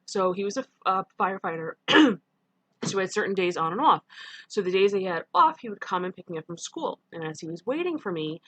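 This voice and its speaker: A middle-aged New York woman, a teacher, gives a casual recorded online lecture, often correcting herself and saying "um." Her medium-pitched voice is expressive, fairly quick and fairly bright, with no room sound.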